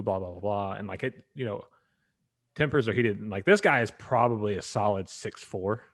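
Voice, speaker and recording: A man's voice: on the low side, moderate pace. A man co-hosting a sports podcast, telling a rambling story in casual chat and acting out the people in it. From Atlanta area. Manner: rambling storytelling, acts out quoted voices. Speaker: podcast co-host.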